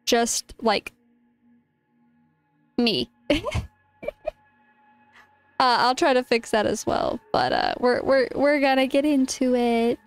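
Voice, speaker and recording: Excitable high-voiced woman streamer. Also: clean tone, dry recording. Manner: excitable, exclaims often, reads game text aloud. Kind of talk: casual gameplay commentary.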